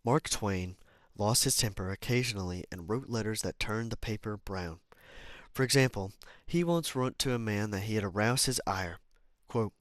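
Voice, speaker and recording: A man's voice: fairly low pitch, normal speed, dry recording, studio quality. A man reading a self-help book aloud, stumbling over words, restarting lines and adding casual asides and apologies. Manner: stumbles, restarts and corrects himself while reading. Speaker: amateur reader.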